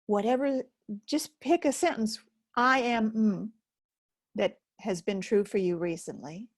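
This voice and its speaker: A woman teaching an emotional healing method, speaking gently with long pauses. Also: fairly high pitch, big pitch swings. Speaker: focusing teacher. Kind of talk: guided self-help teaching.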